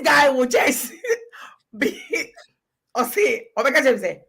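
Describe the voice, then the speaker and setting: Lively Ghanaian woman, bright voice. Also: on the high side, a little slow. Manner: animated, storytelling, breaks into laughter. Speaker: guest. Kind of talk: casual talk show chat.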